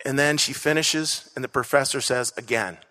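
A pastor with a medium-pitched, fairly even voice preaches from a church stage at a moderate pace, his tone pushed and bright. He earnestly repeats key phrases and leads the congregation in call-and-response. The echoey church hall carries his words.

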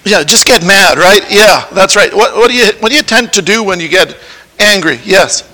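A man's voice: sits high, expressive, moderate pace, sharp tone, low-quality recording. A man giving a children's sermon in church, playfully coaxing the kids with questions. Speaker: preacher giving a children's lesson.

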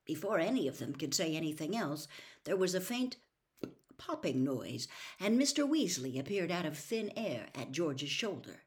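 A woman narrating a children's fantasy book aloud with a dramatic, animated delivery. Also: low-pitched, normal speed. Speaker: storybook reader. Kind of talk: expressive audiobook narration.

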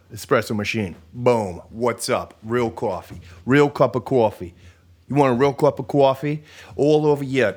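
A man hosting a podcast in a casual, comedic monologue, animated and profane, joking and sometimes trailing into mumbles. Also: mid-range voice, slightly rough.

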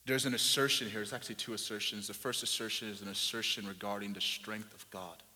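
A man preaching a sermon as a pastor, moving from low, chatty asides to loud, emphatic preaching. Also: steady tone, fast talker. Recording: long hall reverb.

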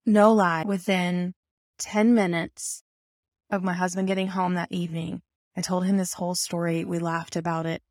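A woman telling a personal story in an animated, self-mocking way, full of rambling asides. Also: fairly low pitch, normal speed, dry recording, clean studio sound.

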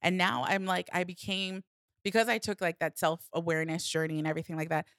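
A woman telling a personal story in a candid podcast conversation, animated and laughing often. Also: lowish voice, fast, no room sound, clean studio sound. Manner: animated, laughs often, acts out her inner voice. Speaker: guest sharing personal story. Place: studio, seated at a mic. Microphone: close studio mic.

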